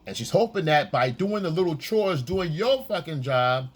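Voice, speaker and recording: A man coaching on dating in a casual, profane monologue, acting out quoted lines in a high voice. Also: lively intonation, normal speed, husky.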